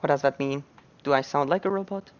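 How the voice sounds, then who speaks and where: A man's voice: fairly high pitch, a little fast, highs cut off. A man giving casual, joking commentary on a speedrun into a headset. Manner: relaxed, joking asides.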